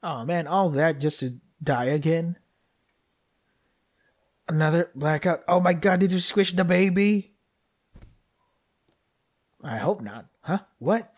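A young man commentating his gameplay, joking, excitable, and talking to the characters on screen. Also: a little high, slow, pauses often. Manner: joking, excitable, talks to the game characters, laughs often. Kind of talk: let's play commentary.

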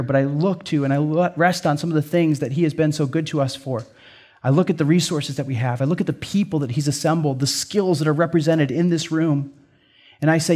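A middle-aged pastor with an Upper Midwest American accent delivers a sermon in an earnest, conversational way, peppering his points with "like" and "right?". His voice sits somewhat high for a man. He sounds sincere and direct, as if talking with his congregation.

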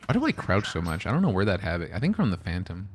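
A joking streamer chatting with his teammates, his voice swinging far up and down in pitch as he riffs. Faint keyboard and mouse clicks sit under his talk. He slides into playful mock commentary now and then. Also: wildly swooping pitch, fast, slight background noise. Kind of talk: casual gaming chat with friends.

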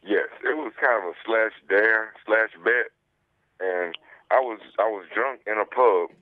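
A middle-aged man from the United States tells a story in a loose, drawling style. His voice sits fairly low. He comes through a muffled, dry phone line. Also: measured pace, no echo. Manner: laid-back, drawling, storytelling. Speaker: comedian guest on the phone. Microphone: telephone.

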